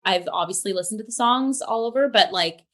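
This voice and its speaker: A woman's voice: medium pitch, a little fast, a bit bright. A woman giving a rambling, casual critique full of fillers, on a video call. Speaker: theatre reviewer.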